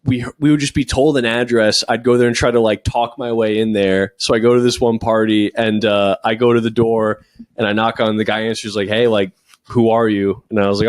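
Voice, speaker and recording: A man's voice: lowish voice, steady tone, a little fast. A young man, a podcast co-host, telling a rambling party story in casual chat and laughing as he goes. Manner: rambling, laughs through his own story.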